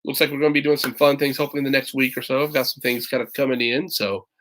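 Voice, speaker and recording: A man reading a children's picture book aloud with lively voices, now and then stopping to add casual comments of his own. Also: medium pitch, rapid-fire. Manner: animated reader, breaks in with chatty comments. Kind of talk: storybook read-aloud with asides.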